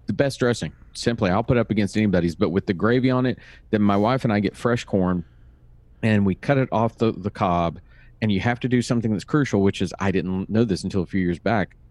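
A man's voice: on the low side, brisk, a little mellow, no echo. A man in his fifties, co-hosting a podcast from home, telling stories in a wry, dry casual chat. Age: 50s. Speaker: podcast co-host. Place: home recording room.

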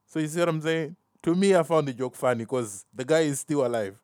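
A man's voice: mid-range voice, lively intonation, fast talker, a little mellow, no echo, clean studio sound. A man hosting a solo podcast, rambling and self-mocking, laughing at his own jokes and dropping "fam" into his talk. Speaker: podcast host.

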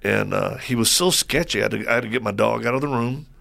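A man as a guest on a faith talk show, telling stories in a lively way and acting out what people said. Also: mid-range voice, fast talker, gravelly. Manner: lively storyteller who acts out quoted voices.

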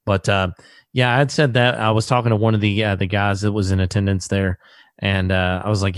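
A deep-voiced podcast host leads a casual chat, speaking a little fast as an animated storyteller who acts out quoted voices. The recording is clean studio sound with no room echo.

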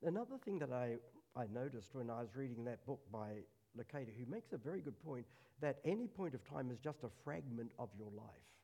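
A middle-aged man preaching a sermon at a church service, earnest, dropping to a hush on solemn lines. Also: mid-range voice, big pitch swings, a little fast, creaky.

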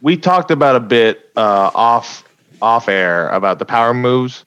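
A man's voice: medium pitch, lively intonation, a bit bright, smooth, dry recording, lo-fi sound. A man, a stand-up comedian, talking casually about his jokes on a podcast and laughing often between points. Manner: laughs often, quick asides. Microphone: podcast mic.

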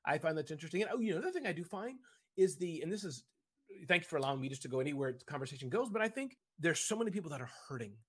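A man with a somewhat high, husky voice chats as a guest over a video call. He rambles freely from thought to thought with lively energy and keeps addressing the host by name. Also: very fast. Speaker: podcast guest, entrepreneur. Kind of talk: casual interview chat.

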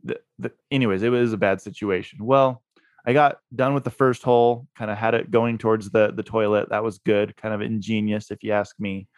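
Low-voiced laid-back storytelling man. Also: steady tone, a little fast, a little mellow, dry recording. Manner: laid-back, laughs through his own story. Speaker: guest, real estate investor. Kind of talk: casual storytelling interview.

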